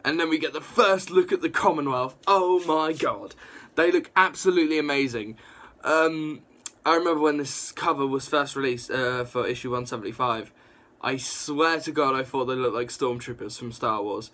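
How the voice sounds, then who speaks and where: A young man casually reviewing a comic book, rambling and excitable, with lots of fillers and restarts. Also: medium pitch, normal speed. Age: young adult.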